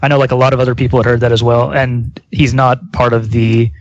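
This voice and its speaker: Male journalist, rapid delivery, dead-dry muffled line. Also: mid-range voice, little pitch movement, no room sound. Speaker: podcast guest, journalist. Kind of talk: casual panel discussion. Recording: dry, dull call audio.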